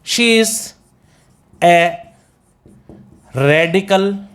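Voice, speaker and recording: A man with an Indian English accent teaches poetry in a classroom lecture, drawing out his words in a high, slightly bright voice. Working through ideas step by step, he raises questions only to answer them himself, peppering it all with "uh" and "okay?"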